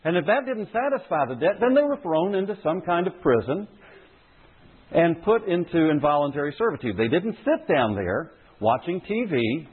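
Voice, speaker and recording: A man's voice: a little high, husky. A man preaching a sermon as a pastor, speaking with emphasis and repeating key phrases for stress. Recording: tinny phone-like audio.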